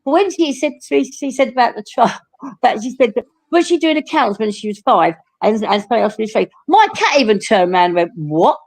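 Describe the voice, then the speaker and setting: A woman's voice: a little high, lively intonation, brisk, darkish tone. Chatty woman with an Essex accent. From England. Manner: chatty, laughs often, swears casually. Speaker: panel guest. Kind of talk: casual livestream chat.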